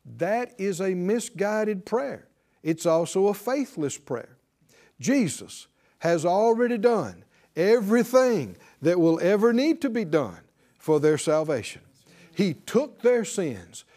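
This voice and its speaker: Emphatic preacher man with a lively pitch. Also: takes it slowly. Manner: emphatic, repeats key words, acts out pleading prayers. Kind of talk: sermon.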